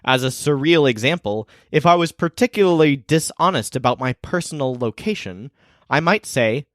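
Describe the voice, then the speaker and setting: A man teaching as the host of a language lesson video. He explains clearly and slows down for his example sentences. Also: medium pitch, expressive, no room sound, studio quality. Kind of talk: scripted teaching narration.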